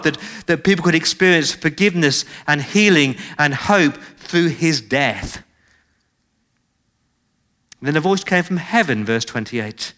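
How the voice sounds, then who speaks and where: Expressive male preacher, higher voice. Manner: expressive, dramatic shifts in pitch and loudness; slows down for emphasis on key phrases. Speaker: pastor. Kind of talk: sermon. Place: church.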